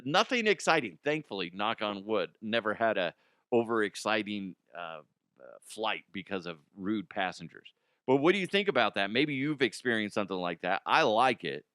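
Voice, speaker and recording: A man's voice: lowish voice, sing-song, normal speed, fairly bright tone, clean tone, dry recording, clean studio sound. A man hosting a comedy news show, rambling and profane, often dropping into silly put-on voices.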